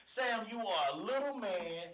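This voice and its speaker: A man hosting a live show, ranting loudly and repeating himself for emphasis. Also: high voice, animated, unhurried. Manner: loud, confrontational, repeats phrases for emphasis. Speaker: host of a live online show. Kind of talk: fired-up live commentary rant. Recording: echoey room, faint noise.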